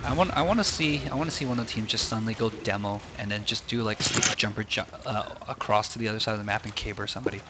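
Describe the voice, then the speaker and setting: A man's voice: on the low side, fast talker, hardly any pauses, background noise. Chatty young man casting a game. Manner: chatty, thinks aloud with restarts. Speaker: game commentator. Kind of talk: casual game commentary.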